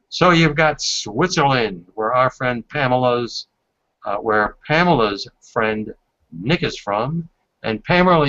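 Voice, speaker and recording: A man's voice: medium pitch, pushed and bright. A man hosting a casual video call, reading aloud from a report and adding asides. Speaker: host. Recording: dull lo-fi video call audio.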